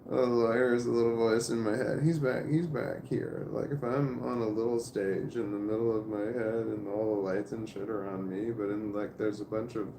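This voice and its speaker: Gravelly-voiced man rambling in a roomy space. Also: on the low side, little pitch movement, noisy background. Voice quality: rambling, halting, with frequent restarts and swearing. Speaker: vlogger. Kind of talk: casual spoken monologue to camera. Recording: roomy echo.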